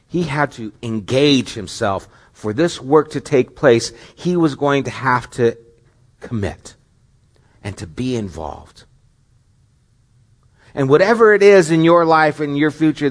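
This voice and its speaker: A middle-aged man preaching a sermon as pastor, earnest and questioning, with rising emphatic stretches. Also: mid-range voice.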